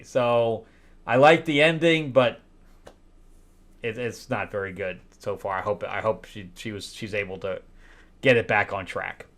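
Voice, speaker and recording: A man reviewing comic books in a loose, casual way, candid and a little wry. His voice sits at a middling pitch, and he talks hesitantly, full of fillers and restarts. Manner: candid and wry, with loud incredulous outbursts.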